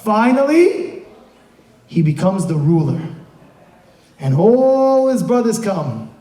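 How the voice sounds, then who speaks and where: A man, a rabbi, giving a motivational sermon to a room full of people, emphatic, dropping low for asides and then shouting rhetorical questions. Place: room with a live audience. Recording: echoey room.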